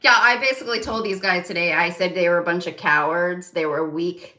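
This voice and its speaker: A woman from New Jersey with a Jersey accent, hosting a casual monologue to her viewers, animated, laughing often and swearing loudly. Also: on the low side, moderate pace, reverberant. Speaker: psychic channel host.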